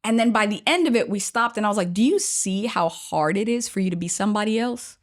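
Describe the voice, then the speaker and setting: A woman's voice: medium pitch, quick pace. Woman guest chatting on a podcast, bouncy storyteller, acts out the quotes. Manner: animated, acts out quoted voices. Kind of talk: conversational storytelling.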